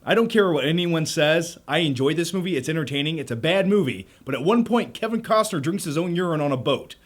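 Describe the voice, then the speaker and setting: A man's voice: on the high side, lively intonation, brisk. An American man giving a casual, jokey movie review full of self-mocking tangents. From United States.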